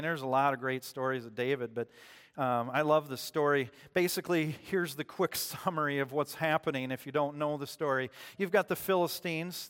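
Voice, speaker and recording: A man preaching to his congregation in a casual, storytelling manner, stopping to ask them questions. His voice sits a little higher than most men's. The sound carries a long church reverb. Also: a bit bright, clear, resonant tone. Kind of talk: sermon.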